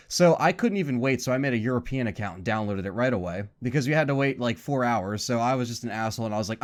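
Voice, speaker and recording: A man's voice: medium pitch, fairly quick. Laid-back male podcast host. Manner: laid-back, loose talk with fillers. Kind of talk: casual podcast chat.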